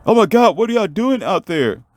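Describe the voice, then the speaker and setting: Man voicing an alarmed dad, hollering high, dry sound. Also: sing-song, normal speed, no echo. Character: alarmed father rushing to a river.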